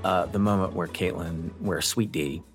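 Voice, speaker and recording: A man's voice: deep voice, fairly even intonation, moderate pace, soft background music. A man co-hosting a podcast in casual chat, joking and swearing freely. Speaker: podcast co-host.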